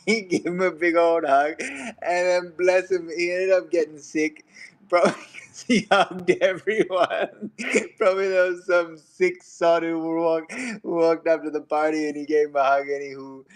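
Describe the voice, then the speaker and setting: A man's voice: fairly high pitch, fairly even intonation, unhurried. A young man hosting a casual livestream, chatty and laughing often as he rambles through stories. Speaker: livestream host.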